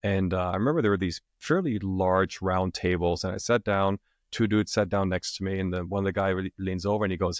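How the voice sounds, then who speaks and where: A man with a fairly low voice shares a story on a podcast in a relaxed, casual way, often checking in with his listener. He grew up in Germany. The sound is dry and close. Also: fast, dry recording. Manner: relaxed, animated, tags lines with "right?". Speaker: podcast guest, author.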